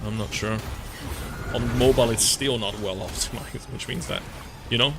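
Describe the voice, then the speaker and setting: A man's voice: medium pitch, normal speed, creaky, fairly bright tone, a little hiss or hum. Swearing, ranting male game streamer. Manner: swears, ranting with many fillers; talks to chat while playing. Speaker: gaming streamer. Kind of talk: casual live-stream commentary.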